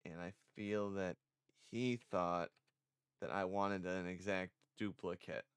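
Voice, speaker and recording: A man's voice: sits low, flat delivery, slow, smooth, no room sound, clean studio sound. A man streaming casually, rambling and self-conscious, a little congested. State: slightly congested. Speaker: vtuber streamer.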